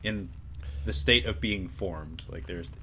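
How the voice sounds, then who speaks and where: A man's voice: low voice, slow pace, sharp tone, a little hiss or hum. A man co-hosting a film review podcast in a chatty way, laughing easily and tossing in sarcastic asides. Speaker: podcast co-host. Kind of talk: casual film review chat.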